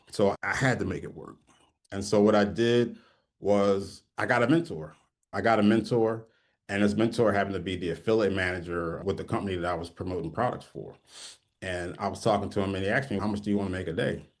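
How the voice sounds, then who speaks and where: A middle-aged man telling his own story to camera in a conversational way, often tagging points with "okay?". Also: sits low. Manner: conversational, keeps adding "okay?" at ends of points. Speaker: online marketing teacher. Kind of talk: personal story told to camera.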